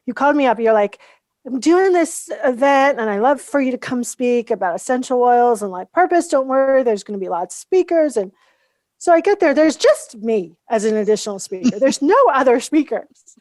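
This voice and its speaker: Lively woman telling a story on a dry call. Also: on the high side, moderate pace, no room sound. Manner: animated storyteller acting out quoted dialogue. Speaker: guest, founder of a coaching method. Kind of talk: casual storytelling interview.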